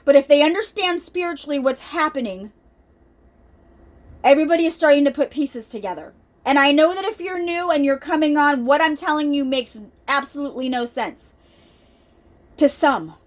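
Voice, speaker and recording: In an unscripted ministry video she hosts, a high-pitched woman gives an earnest spiritual testimony at a moderate pace. It rambles with many restarts and asides and turns emotional at times.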